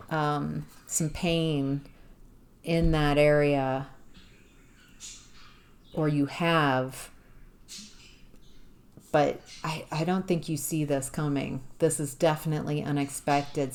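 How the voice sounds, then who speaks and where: A woman giving an intuitive tarot reading to the viewer, musing and halting, with sudden exclamations of surprise. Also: low-pitched, a little mellow. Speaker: tarot reader.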